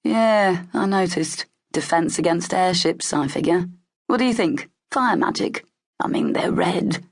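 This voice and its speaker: A cocky male rogue bodyguard who cracks sly jokes, as a woman reader puts him on. The voice sits low and husky with a gravelly fry, and the teasing never quite drops. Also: a little slow. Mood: musing. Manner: sly, teasing, half-whispered asides.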